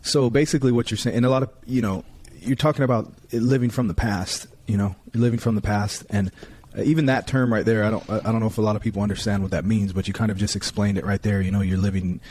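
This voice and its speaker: Male podcast host, low husky voice, laid-back and affirming. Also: fast talker, few pauses. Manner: relaxed, affirming, thinks aloud. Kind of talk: casual podcast chat.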